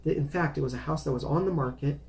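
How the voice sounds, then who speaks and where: A man's voice: on the high side, fast talker, vocal fry, a little mellow. Guy just talking to camera, telling his story, rambles and repeats himself a lot. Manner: rambling, repeats words, apologizes for veering off. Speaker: vlogger sharing his life story. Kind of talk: casual personal storytelling.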